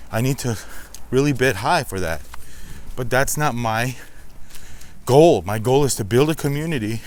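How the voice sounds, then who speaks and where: A man hosting a casual walk-and-talk vlog outdoors, a little out of breath as he climbs a steep hill and talks reflectively to his viewers. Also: mid-range voice. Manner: chatty, addresses viewers as guys, reflective. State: out of breath walking uphill. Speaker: slots channel host.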